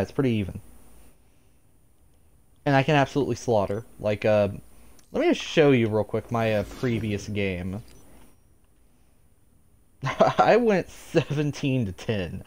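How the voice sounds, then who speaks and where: A man's voice: on the low side, a little mellow. Rambling, profane man narrating his gameplay. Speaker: gaming streamer. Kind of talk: live gameplay commentary.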